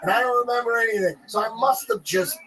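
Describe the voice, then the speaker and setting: A man telling a rambling, profane anecdote in casual chat, animated and swearing freely. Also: very high voice, fast, a crowd in the background, poor audio. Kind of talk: casual storytelling.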